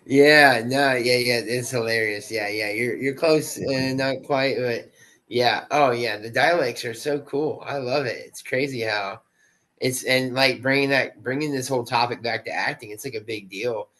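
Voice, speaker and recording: A man's voice: mid-range voice, normal speed, fairly bright tone, poor audio. A man, an actor guest on a podcast, talking in a laid-back, slangy way with lots of "dude" and "like.". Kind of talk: casual interview chat.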